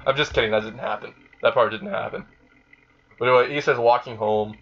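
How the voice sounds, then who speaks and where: A man's voice: mid-range voice, steady tone, fairly quick, husky, lo-fi sound. A man casually retelling a fan-made story in a rambling way, with many fillers. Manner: rambling, frequent fillers and laughing.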